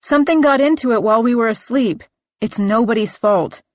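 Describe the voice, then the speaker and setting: A woman voicing a tense young female climber who tries to calm a friend, urgent and soothing. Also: a little high, brisk, no room sound, voice pushed up, close to an everyday voice.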